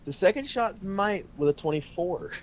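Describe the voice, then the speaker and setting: A man's voice: sits high, animated, moderate pace, highs cut off. A man playing a tabletop game over voice chat, laid-back and cursing casually, humming to himself now and then. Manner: laid-back, swears and hums. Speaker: player.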